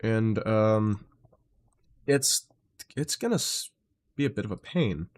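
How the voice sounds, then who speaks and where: A man's voice: fairly low pitch, expressive, slow. Frustrated streamer man muttering. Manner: frustrated, swearing, muttering to himself. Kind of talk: live stream setup chatter.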